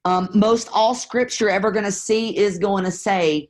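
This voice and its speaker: A woman's voice: medium pitch, steady tone, moderate pace, hardly any pauses. A woman coaching real estate investors in a live stream, talking candidly and acting out sample phone calls. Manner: candid, conversational, acts out phone scripts.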